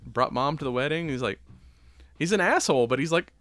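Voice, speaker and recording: A man's voice: fairly high pitch, lively intonation, fairly quick, a bit bright, dry recording. Man, podcast host; rambling, giggly, profane retelling; dry, close sound. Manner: rambling, laughs often, swears freely. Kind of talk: casual chat.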